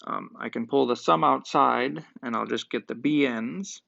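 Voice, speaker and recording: A math professor speaks in a medium-pitched, gravelly voice that's bright and forceful, taking his time as he works through a proof at the board. He thinks aloud step by step, using occasional fillers. The recording is dry, dull and lo-fi.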